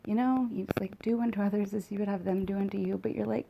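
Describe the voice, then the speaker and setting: A woman's voice: mid-range voice, quick pace, gravelly, hardly any pauses, dull audio, a little hiss or hum. A woman in her late thirties talking in a rambling, candid, profane confessional vlog, recorded on a phone. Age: late 30s.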